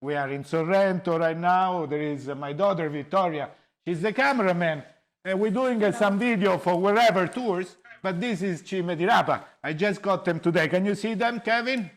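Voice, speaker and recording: A man's voice: high voice, normal speed. A middle-aged Italian man hosting a cooking show from his kitchen, chatting animatedly in Italian-accented English that is sprinkled with Italian words. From Italy. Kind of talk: casual cooking chat. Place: home kitchen.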